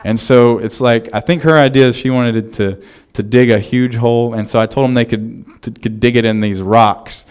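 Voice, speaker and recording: A man in his thirties preaching a sermon as pastor, telling stories in a relaxed, conversational way with frequent restarts. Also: medium pitch, moderate pace, smooth.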